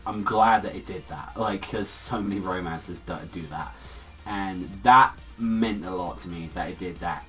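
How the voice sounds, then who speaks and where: Brief: young male reviewer, low bright voice, rambling and profane, set back from the mic with faint music behind. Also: distant mic. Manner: rambling, filler-heavy, swears freely, gushing. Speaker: anime and manga reviewer. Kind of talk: casual spoken video review.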